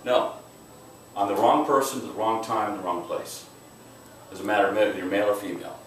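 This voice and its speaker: A man's voice: fairly low pitch, brisk, a bit bright, faint music behind. Male self-defense instructor, emphatic and direct, heard from a distance in a very echoey room. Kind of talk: teaching a class. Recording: echoey room, mic far off, faint noise.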